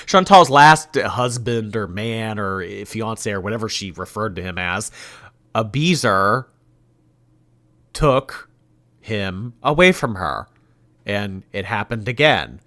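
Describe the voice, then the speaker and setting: Sarcastic man with a bright voice. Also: fairly low pitch, expressive, slow. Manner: sarcastic, mocking. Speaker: commentary channel host. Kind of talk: commentary on video clips.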